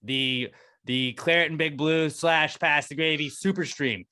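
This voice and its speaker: A man's voice: on the high side, steady tone, measured pace, pushed and bright, smooth. An American man hosting a podcast, chatting loosely and plugging the show. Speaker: podcast host. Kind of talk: casual chat.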